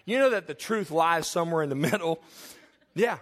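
A man's voice: on the high side, expressive, normal speed. A male pastor preaching a sermon in church, telling confessional, humorous stories to his congregation.

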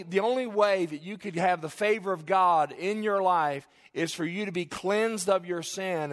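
A middle-aged male pastor preaching a sermon earnestly, with folksy asides and frequent restarts. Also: high voice. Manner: folksy, joking asides to the congregation.

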